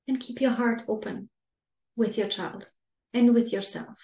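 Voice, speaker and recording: A woman parenting coach giving a masterclass talk to parents in a calm, gentle, soothing way. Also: a little high, measured pace. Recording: roomy echo.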